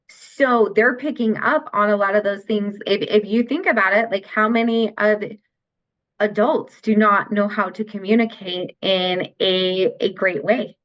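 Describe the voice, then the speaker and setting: A middle-aged woman who mentors teens on mindset is a guest on a podcast interview, explaining things earnestly and patiently. Her voice is mid-range and a bit bright. The recording has a dull, lo-fi sound.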